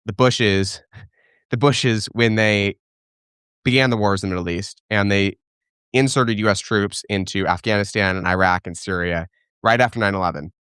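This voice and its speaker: A man's voice: fairly low pitch, a bit bright, clear, resonant tone, no echo, clean studio sound. A young man hosting a live question-and-answer stream, giving opinionated answers as he thinks aloud, with restarts and fillers. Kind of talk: casual live-stream commentary.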